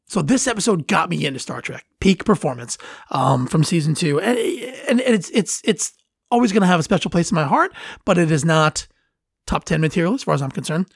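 A man's voice: fairly high pitch, animated, a little fast, gravelly, slightly rough, dry recording, studio quality. A man hosting a podcast on his own, talking casually and rambling with fillers and restarts. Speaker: podcast host. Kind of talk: casual solo podcast talk.

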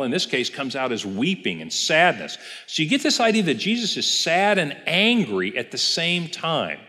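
A man's voice: medium pitch, a bit bright. A man pastor giving a casual Bible class, telling the story and asking the class questions. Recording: reverberant church hall.

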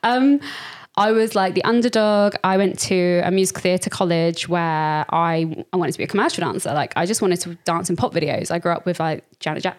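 A young woman with a somewhat low voice tells her stories as a podcast guest. She is animated and acts out her past thoughts as she goes. Her delivery is conversational and expressive. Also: brisk. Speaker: guest, dancer and teacher. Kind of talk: casual interview chat.

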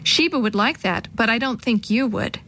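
A woman voicing a calm, firm male animal trainer who gives steady, cautioning instructions. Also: very high voice, normal speed, slight background noise, full character voice. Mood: explaining. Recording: dry close sound.

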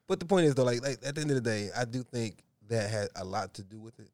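Lively, laughing man in podcast banter. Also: mid-range voice, fast, no room sound. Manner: lively, laughs often, asks questions. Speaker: podcast co-host. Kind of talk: casual chat.

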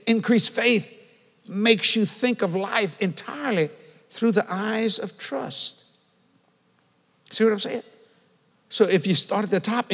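Older man preaching in a reverberant hall. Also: sits high. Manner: animated storytelling, calls and responses with the congregation. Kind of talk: sermon.

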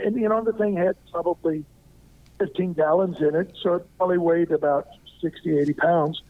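An older man from Arkansas, a former pro football player, telling a lively story as an interview guest and acting out what people said. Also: high voice, fairly quick. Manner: lively anecdotal storyteller who acts out quoted lines. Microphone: phone. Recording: tinny phone line.

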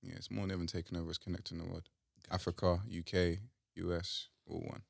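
Here is a young British man, relaxed and slangy. His voice sits low and gravelly, yet it swings widely in pitch when he gets worked up. The sound is close and dry. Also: a little fast, dry recording. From Britain. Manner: laid-back, slangy, laughs easily. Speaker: guest musician. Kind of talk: casual interview chat.

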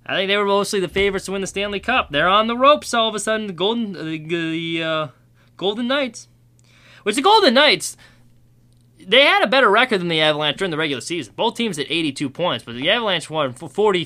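Young male podcast host, slightly high, bright voice, rambling, opinionated, self-deprecating. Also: expressive, brisk. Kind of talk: solo sports podcast rambling.

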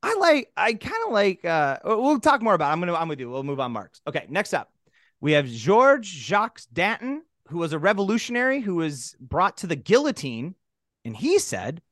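A man's voice: high voice, huge pitch swings, fairly quick, fairly bright tone, no echo, studio quality. A man co-hosting a podcast, casual comedic banter in a loose, profane, jokey way. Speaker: podcast co-host.

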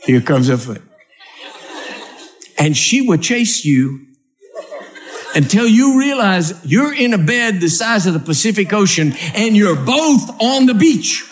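Animated high-voiced male preacher. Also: takes it slowly, long pauses. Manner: animated storytelling, acts out scenes. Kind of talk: humorous sermon with scripture reading. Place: church with a live audience.

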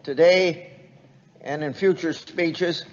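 A man giving a formal prepared speech, reading quotes aloud in a deliberate way. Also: fairly high pitch, fairly even intonation, a little mellow. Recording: dull, lo-fi recording in a long-reverb hall.

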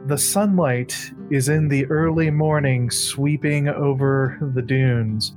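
A man narrating a tabletop role-playing game as its game master, painting the scene in sweeping descriptive lines. His speech carries a lilt at a middle pitch, with faint music playing beneath him. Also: slow pace.

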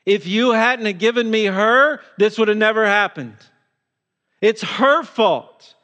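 A pastor voicing a defensive, blame-shifting Adam. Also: male voice, high-pitched, unhurried, pushed and bright. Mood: blaming. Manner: defensive, complaining. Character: Adam, evasive first man shifting blame.

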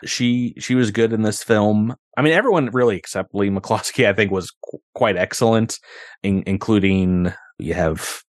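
A man co-hosting a podcast, chatting about a film in a relaxed way, laughing often and hesitating with fillers. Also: lowish voice, normal speed, dry recording, clean studio sound. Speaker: podcast co-host. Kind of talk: casual film-review chat.

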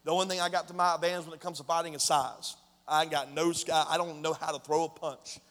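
Guy preaching a sermon, kinda high voice, super casual and slangy, big echoey church hall. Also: level tone, fast, a bit bright. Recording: long hall reverb.

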